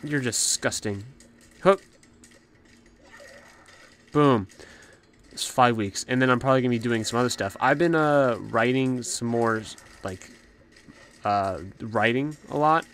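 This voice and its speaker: Young man, let's play commentary, breathless, chatty, mid-pitched voice. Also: measured pace, long pauses, a bit bright, clear, resonant tone. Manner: chatty, talks to the game's enemies. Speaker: gaming channel host.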